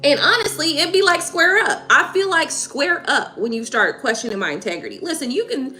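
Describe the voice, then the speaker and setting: A woman's voice: high voice, very animated, a little fast, bright, forceful tone, faint music behind. A woman hosting a live tarot stream, venting heatedly in casual talk, swearing and repeating herself.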